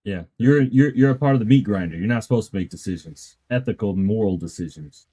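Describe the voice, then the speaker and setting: A man's voice: lowish voice, expressive, a little fast, warm tone, husky. A man in casual chat on a stream, speaking in an earnest, reflective way. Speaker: guest in chat.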